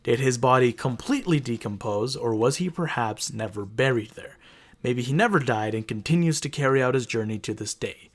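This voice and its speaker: A man's voice: mid-range voice, lively intonation, brisk. Casual male podcast co-host, swearing. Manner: reads from notes, then riffs with swearing and laughs. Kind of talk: casual chat and reading stories.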